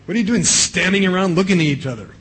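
A man's voice: high voice, expressive, fast, fairly bright tone, slightly rough, voice pushed up, exaggerated voice. A man voicing an exasperated elderly father who scolds his grown sons in a raised voice. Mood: scolding.

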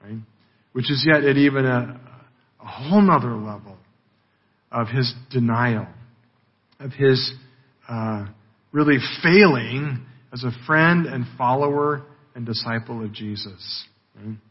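Husky-voiced male preacher, conversational. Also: medium pitch, unhurried, long pauses. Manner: conversational, with frequent "right?" tags. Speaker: pastor. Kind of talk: sermon. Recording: dull lo-fi recording.

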